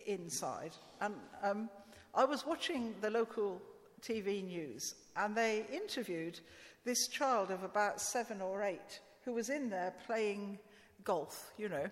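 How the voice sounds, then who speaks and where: A woman giving an informal, conversational sermon with asides and fillers. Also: mid-range voice. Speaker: preacher. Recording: long church reverb.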